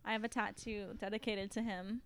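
A woman's voice: mid-range voice, level tone, fairly quick, smooth, no echo. A young woman guest on a podcast, chatting casually, often laughing and trailing off mid-sentence. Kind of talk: casual chat.

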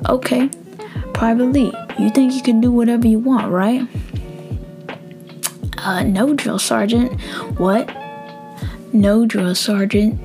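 A woman's voice: fairly high pitch, steady tone, slow pace, pauses often, dark tone, faint music behind. A woman voicing a stern male army drill sergeant who barks clipped, demanding commands.

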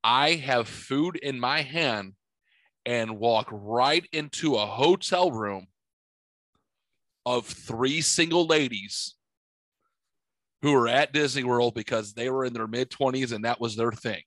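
Bright-voiced man telling stories. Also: medium pitch, slow, no echo. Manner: animated, swearing, acts out quotes. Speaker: podcast host. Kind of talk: casual storytelling chat. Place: podcast studio.

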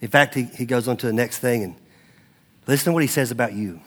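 A middle-aged male pastor preaching a sermon in a conversational, animated way, with stories and asides. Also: mid-range voice, quick pace, slightly rough.

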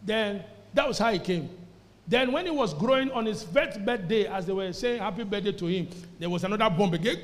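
A man's voice: high-pitched, expressive, brisk. A man preaching a sermon to a congregation, emphatic and calling for responses. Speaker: pastor. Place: church service before a congregation. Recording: echoey church hall.

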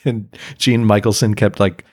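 A man's voice: fairly low pitch, level tone, normal speed. Easygoing jokey man on a podcast. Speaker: podcast co-host. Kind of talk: casual movie recap chat.

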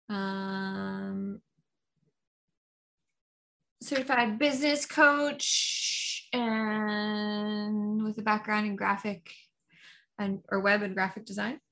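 A woman producer and business coach talks in a relaxed, playful way. Her voice is bright and forward, at a middling pitch. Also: creaky. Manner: easygoing, playful. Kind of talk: casual chat, then podcast intro.

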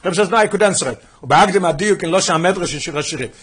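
A husky man teaching a Torah lesson at a quick clip. His voice sits fairly high for a man. He mixes English with Hebrew and Yiddish terms and keeps firing questions at his listeners. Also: expressive, a bit bright. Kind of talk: Talmudic lesson explaining Midrash.

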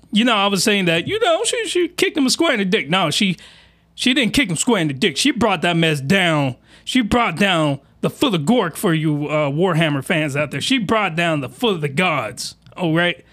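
High-voiced man ranting excitedly. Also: normal speed. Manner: excitable, crude, shouting outbursts with voice cracks. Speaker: anime reaction host. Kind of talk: excited reaction commentary.

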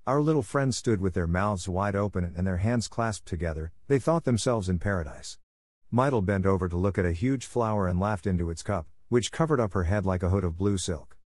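A man reading a classic children's story aloud as narrator, in a measured, even storytelling manner. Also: deep voice, no room sound, studio quality. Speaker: audiobook narrator. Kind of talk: storybook reading for English listening practice.

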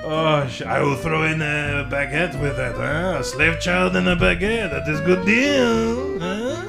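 Brief: a sly alien shopkeeper in a thick mock-French accent, a man doing the voice, lively swoops, slow and drawn out, gravelly edge. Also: a little high, music in the background, exaggerated voice. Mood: hammy, wheedling. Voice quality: exaggerated mock-French accent, sing-song.

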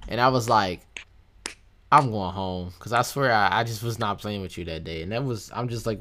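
A man's voice: on the low side, moderate pace, a crowd in the background. A young man in a casual chat with friends, joking, laughing often and acting out stories.

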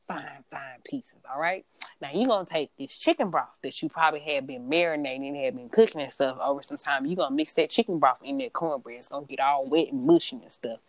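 A woman's voice: low-pitched, no echo. A young woman from Mississippi with a Southern accent, co-hosting a podcast and ranting casually, swearing freely. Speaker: podcast co-host. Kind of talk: casual chat.

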